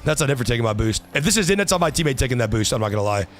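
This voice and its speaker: A young man streaming a car-soccer match, trash-talking opponents and yelling at his teammates. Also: mid-range voice, very animated, racing, a little hiss or hum. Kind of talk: live gameplay commentary.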